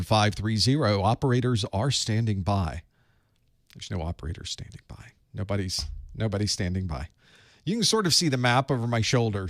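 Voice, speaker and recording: A man's voice: on the low side, no room sound, clean studio sound. A man from the Southern United States with a Southern US accent, chatting casually with viewers before a live certification study session as its instructor and host. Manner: chatty and folksy, greeting viewers by place. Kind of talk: casual livestream pre-show chat.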